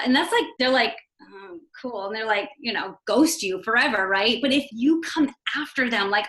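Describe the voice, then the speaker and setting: Bright, bubbly woman on a call. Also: mid-range voice, brisk, hardly any pauses, poor audio. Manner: bubbly, uses "like" and "oh my gosh" a lot. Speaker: team coach sharing sales tips. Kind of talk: casual call conversation.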